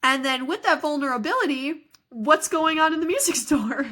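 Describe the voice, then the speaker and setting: A woman's voice: high voice, animated, moderate pace, pushed and bright. A woman co-hosting a podcast, chatting casually about a movie and leaning on "like" a lot. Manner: chatty, heavy use of "like". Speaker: podcast co-host. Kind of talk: casual chat, retelling a film.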